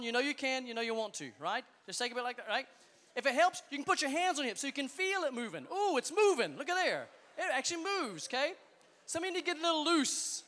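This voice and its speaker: A man's voice: very high voice, sharp tone, long reverb tail. A man leading a youth service, joking and hyping up the crowd in a playful, upbeat way. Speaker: youth pastor. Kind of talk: energetic crowd hype talk. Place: large hall with a live youth audience.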